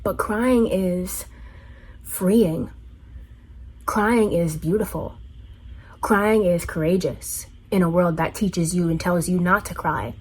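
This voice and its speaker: A woman's voice: lowish voice, unhurried, breathy edge. A woman vlogger talking in an earnest, heartfelt way, repeating phrases for emphasis. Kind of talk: reflective personal monologue.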